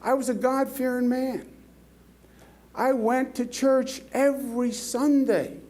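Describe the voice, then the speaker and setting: A man's voice: extremely high pitch, fairly even intonation, slow, a little mellow, voice pushed up. A man voicing a stubborn, God-fearing old farmer in a told joke, folksy and insistent. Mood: puzzled.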